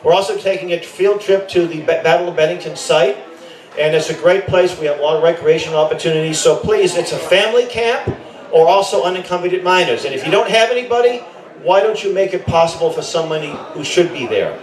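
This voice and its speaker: A man's voice: high voice, quick pace. A middle-aged man, a camp director, gives an informal rally speech. He rambles, corrects himself often and adds joking asides. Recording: echoey, voice from a distance.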